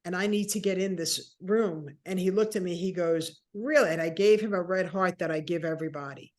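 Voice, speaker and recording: A woman in her sixties, a guest telling a personal story with animated, acted-out dialogue. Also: lowish voice, fairly quick. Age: 60s. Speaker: interview guest.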